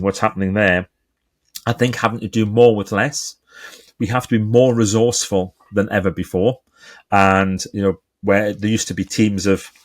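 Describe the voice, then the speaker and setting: A man with a Geordie accent, a guest author talking in an interview and acting out the people in his stories. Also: fairly low pitch. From England. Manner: animated storyteller, acts out quoted voices. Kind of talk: conversational interview.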